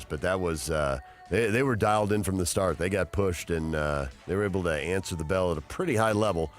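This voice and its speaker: Man hosting sports radio, low voice. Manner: energetic, reads promos and headlines. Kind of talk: sports talk radio banter.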